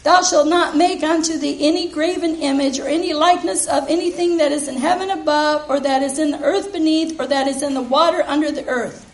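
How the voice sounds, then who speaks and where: A woman's voice: high-pitched, fairly even intonation, fairly quick, hardly any pauses. A woman preaching a sermon in a church, earnest and emphatic, with the congregation calling back responses. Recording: echoey room.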